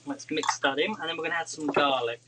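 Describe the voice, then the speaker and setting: A man's voice: fairly high pitch, fast, very noisy. A man cooking in a home kitchen and chatting casually to viewers of his live stream as he works. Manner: chatty, talks to viewers as he cooks.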